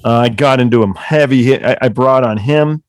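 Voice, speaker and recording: A man chatting casually as a podcast guest, an excitable storyteller who swears freely and often trips over his own restarts. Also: mid-range voice, brisk, no echo, clean studio sound. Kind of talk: casual chat.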